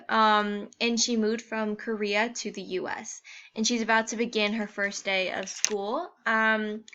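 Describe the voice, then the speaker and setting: A woman's voice: mid-range voice, a bit bright. A young woman giving a casual class presentation, informal, with many fillers and restarts. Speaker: education student presenting. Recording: dull lo-fi home recording.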